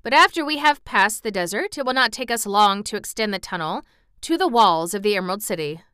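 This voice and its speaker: A woman voicing a suspicious, anxious male gnome king in a storybook reading, with loud emphatic exclamations. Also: mid-range voice, animated, a little fast, smooth, no echo, studio quality.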